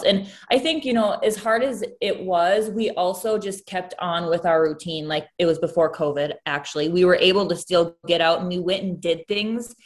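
A young woman speaking candidly in a casual conversation, open and emotional as she recalls early motherhood. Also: lowish voice. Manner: candid, emotional, tearful at times.

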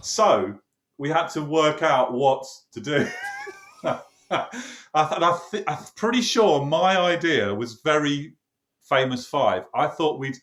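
This producer has a fairly high voice and takes his time as he casually recounts a studio recording session with lively energy, voicing the dialogue himself and laughing as he goes. The room sounds echoey and spacious.

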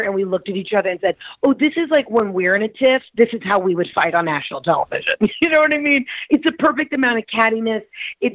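A woman comedian talking as a guest on a podcast, chatty and giggly, telling animated stories. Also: medium pitch, dry recording, rough recording. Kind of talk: casual podcast interview.

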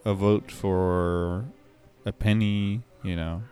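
A man with a lowish voice talks very slowly in an improvised comedy chat. He sounds laid-back and amused. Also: steady tone, a little mellow, clear, resonant tone, faint music behind.

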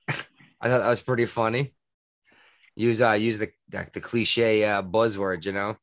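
A man's voice: lowish voice, fairly even intonation, unhurried, fairly bright tone, dry recording. A man co-hosting a podcast in casual chat, rambling and sarcastic, with lots of fillers and restarts. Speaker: podcast co-host.

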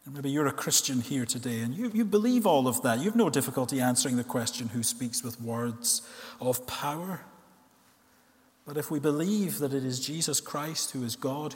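A man preaching a sermon in a church, earnest, asking rhetorical questions and slowing down to stress key words. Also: medium pitch. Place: church hall. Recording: long reverb of a church hall.

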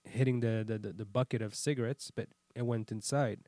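A man's voice: on the low side, steady tone, a little fast, warm tone, no room sound, clean studio sound. A man telling a long story in casual chat, acting out quotes and swearing often.

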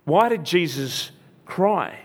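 Earnest higher-voiced male preacher. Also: lively intonation, slow. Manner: earnest, repetitive, frequent restarts. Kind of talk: sermon storytelling.

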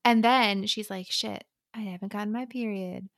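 A young woman, co-hosting a podcast and chatting casually, full of fillers and quick laughs, recapping a novel. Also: mid-range voice, fairly even intonation, fairly bright tone, dry recording, clean studio sound. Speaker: podcast co-host. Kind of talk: casual book-recap chat.

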